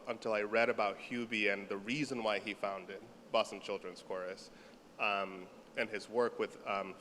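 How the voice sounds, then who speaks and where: A man speaking on a panel in a relaxed, self-deprecating way, with many fillers. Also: lowish voice. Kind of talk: panel remarks. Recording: hall reverb, faint noise.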